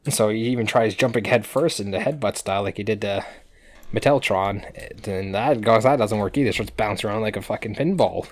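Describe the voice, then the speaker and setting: A man's voice: on the low side, fairly quick. A man co-hosting a podcast, telling the plot in a rambling, profane, casual way. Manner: rambling, profane play-by-play retelling. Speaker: podcast co-host recapping episodes. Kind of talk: casual chat.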